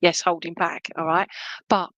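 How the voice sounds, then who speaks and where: A woman's voice: fairly low pitch, little pitch movement, moderate pace, no echo, muffled recording. Chatty woman giving live readings. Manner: warm, chatty, meandering, lots of fillers and "okay?". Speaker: psychic medium doing live readings. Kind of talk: live-stream reading, casual chat to viewers.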